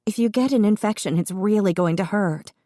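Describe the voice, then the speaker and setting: A woman's voice: medium pitch, brisk, warm tone, no echo, studio quality, pitched above the performer's own voice, close to an everyday voice. A woman voicing a frantic terrified young woman. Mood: pleading. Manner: frantic, pleading, voice choked with fear. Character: young mother, terrified for her brother.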